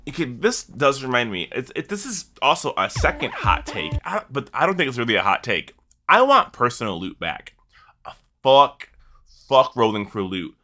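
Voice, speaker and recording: A man's voice: mid-range voice, wildly swooping pitch, normal speed, sharp tone. A man co-hosting a podcast, chatting casually about games and swearing freely as he talks. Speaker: podcast co-host. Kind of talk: casual gaming chat.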